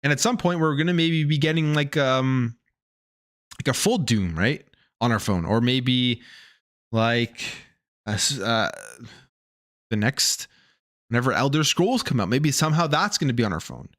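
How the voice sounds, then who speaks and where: A male gaming news streamer talks in a loose, opinionated way, stumbling over his words and circling back to restart sentences. His voice sits at an ordinary middle pitch. The sound is dry and close, with no room echo. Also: expressive, normal speed, pauses often, a bit bright. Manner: rambling, restarts and repeats words. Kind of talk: casual opinionated commentary.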